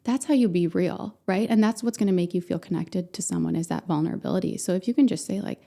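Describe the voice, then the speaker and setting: A woman's voice: on the low side, quick pace, vocal fry, warm tone. A woman in her thirties, a podcast guest, speaking earnestly and candidly in a conversational interview. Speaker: podcast guest, center founder.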